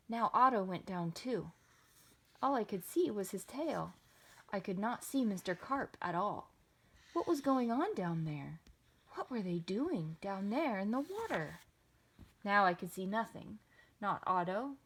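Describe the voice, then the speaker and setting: A woman reading a children's picture book aloud with expressive, sing-song delivery. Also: mid-range voice, unhurried, slightly rough. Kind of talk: children's storybook read-aloud.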